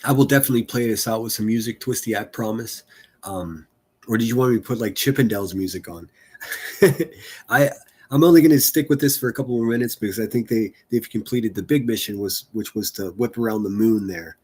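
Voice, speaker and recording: A man's voice: lowish voice, brisk, a little mellow, breathy edge. A man hosting a live stream, making casual running commentary with crude jokes and frequent laughter. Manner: joking, laughs often, crude teasing humor.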